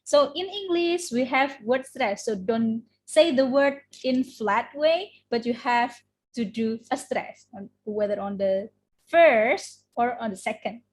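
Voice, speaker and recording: A woman's voice: fairly high pitch, expressive, a little slow. A woman with an Indonesian accent teaching English vocabulary in a classroom, having students repeat words after her. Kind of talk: classroom lesson.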